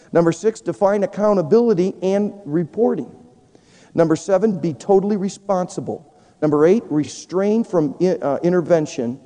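Male preacher, dark mellow voice, earnest numbered-point sermon, echoing hall sound. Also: fairly high pitch. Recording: live chapel recording in a reverberant hall.

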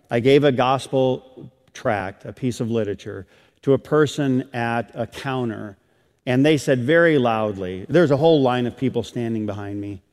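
Emphatic preaching man in a reverberant hall. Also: medium pitch. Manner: emphatic preaching, swelling louder on key phrases. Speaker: pastor. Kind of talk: sermon.

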